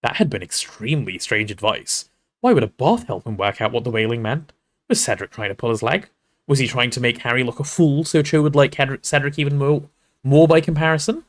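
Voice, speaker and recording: Animated streamer, lively pitch. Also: male voice, fairly quick. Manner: animated, swears casually. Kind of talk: reading a novel aloud and chatting on stream.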